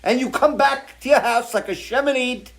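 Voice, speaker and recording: A man's voice: very high-pitched, normal speed, fairly bright tone. A man hosting a live music show, talking off the cuff in an impassioned, swearing rant full of restarts. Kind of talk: off-the-cuff livestream talk. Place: home porch.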